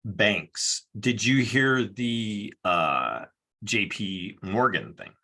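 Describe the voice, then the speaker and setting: Bright-voiced, easygoing man co-host. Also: fairly low pitch, animated, drawn-out words. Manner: easygoing, rambling with fillers. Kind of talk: casual chat.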